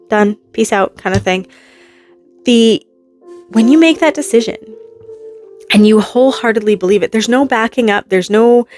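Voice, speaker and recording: Woman, tarot reader, casual rambling talk, acts out quotes, faint music underneath. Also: mid-range voice. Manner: rambling, animated, full of hypothetical quotes. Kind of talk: casual spoken tarot reading.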